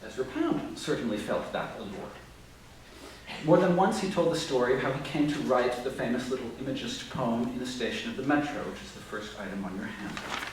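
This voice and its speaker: A man giving a measured literary lecture on poetry, tapping out stresses aloud, in a lecture room at a writing residency. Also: mid-range voice, animated, noisy background. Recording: very echoey room, distant mic.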